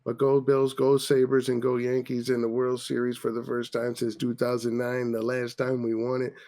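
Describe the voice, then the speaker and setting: A man's voice: mid-range voice, monotone, normal speed, dark tone. A man hosting a casual podcast, ranting profanely about sports after a few drinks. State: tipsy. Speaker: podcast host.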